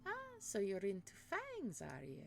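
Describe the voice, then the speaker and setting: A woman's voice: medium pitch, huge pitch swings, unhurried, creaky, a little hiss or hum, full character voice. A woman playing a dry, teasing wandering adventurer. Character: wry wandering adventurer with news of monsters. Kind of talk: cosy tavern role-play.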